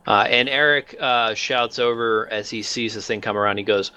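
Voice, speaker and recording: Bright-voiced man running a tabletop game. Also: fairly low pitch, clean tone, muffled recording. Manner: halting, lots of fillers. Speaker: game master.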